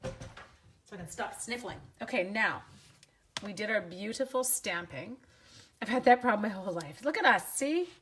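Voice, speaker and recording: Sniffling from a bout of sneezes, a crafting livestream host from Canada, in her forties, talks with her viewers at home in a self-deprecating, chatty way. Her mid-range voice is animated and a bit bright, at a normal speed with long pauses, and there's a slight hiss or hum.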